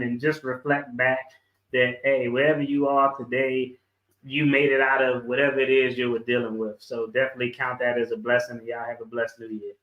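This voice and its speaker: A man's voice: medium pitch, highs cut off. Easygoing man with an echoey call sound. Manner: laid-back, chuckling storyteller. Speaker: guest lawyer. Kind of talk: casual video call chat.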